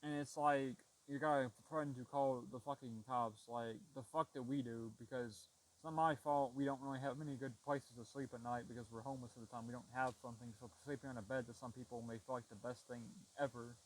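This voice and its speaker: A man's voice: medium pitch, fairly even intonation, a little fast, hardly any pauses, low-quality recording. A young man telling a story about a shelter in a casual, frustrated rant, swearing heavily and restarting his sentences. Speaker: vlogger.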